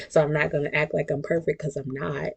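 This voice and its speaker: A woman's voice: low-pitched, gravelly, husky. A woman, hosting her own podcast as a casual monologue that is chatty and emphatic, with laughs and whispered asides. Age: 40s. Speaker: podcast host.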